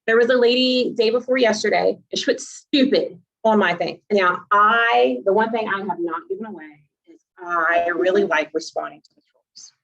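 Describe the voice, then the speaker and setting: A woman's voice: mid-range voice, moderate pace, few pauses, fairly bright tone, highs cut off. A woman who works as a realtor and posts online, chatting casually and acting out the dialogue in her stories. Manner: chatty storyteller who acts out quoted dialogue. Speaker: realtor and social media creator. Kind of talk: casual chat.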